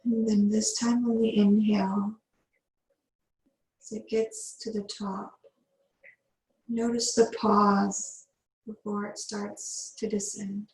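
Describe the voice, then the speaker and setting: Slow, soothing woman yoga teacher. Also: mid-range voice, little pitch movement, darkish tone, reverberant, rough recording. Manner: slow, soothing breath cues with long pauses. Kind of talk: guided yin yoga meditation.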